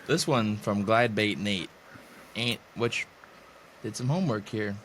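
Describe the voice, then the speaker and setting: A man's voice: lowish voice, measured pace, fairly bright tone, slight background noise. A young man co-hosting a podcast in casual chat, reading viewer comments aloud with dry teasing. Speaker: podcast co-host.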